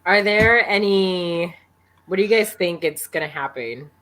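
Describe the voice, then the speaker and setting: A woman's voice: fairly low pitch, unhurried, a bit bright. A woman co-hosting a casual book club podcast, playful in her comments.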